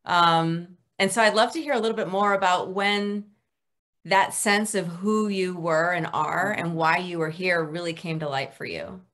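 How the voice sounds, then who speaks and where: Woman host on a video call, lowish voice, asks long thoughtful questions. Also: normal speed, a bit bright. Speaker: host, interviewer.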